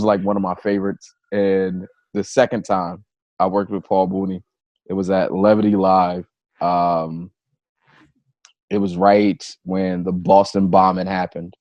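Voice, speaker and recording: Male comedian guest, deep-ish, dry close mic, relaxed profane storyteller. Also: dry recording. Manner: loose, profane anecdote telling. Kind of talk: casual podcast storytelling.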